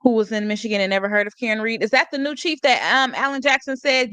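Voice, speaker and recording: A woman's voice: a little high, fairly even intonation, a little fast, sharp tone, smooth, dry recording. A woman hosting a live stream, talking about a court case in a casual, sarcastic way, laughing often and reading out chat comments. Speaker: livestream host.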